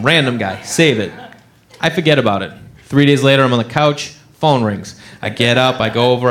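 A man doing a stand-up set on a club stage, telling a story and acting out the people in it with lively, jumping delivery. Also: background noise. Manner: animated storyteller, acts out voices, big pitch jumps. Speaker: stand-up comedian. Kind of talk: stand-up set and crowd work.

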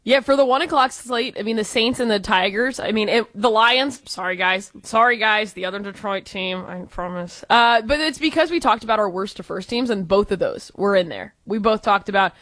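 A woman from Texas, co-hosting a sports radio show in a lively, opinionated way. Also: on the high side, dry recording, clean studio sound. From Texas, USA. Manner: lively, opinionated, quick asides. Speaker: radio co-host. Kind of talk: casual sports talk.

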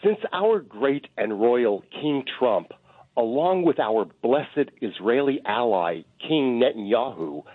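A man's voice: mid-range voice, no echo. A man calling in to a talk radio show, ranting in a bombastic, sarcastic way. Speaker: caller. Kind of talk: heated political call-in rant. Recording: tinny phone line.

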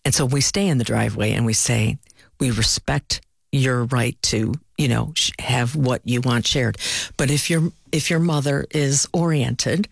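A woman working in palliative care, talking in an interview and telling stories with lively swings in voice. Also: measured pace, vocal fry, slightly rough, no echo, studio quality. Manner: animated, rises high when telling stories. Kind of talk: conversational interview storytelling.

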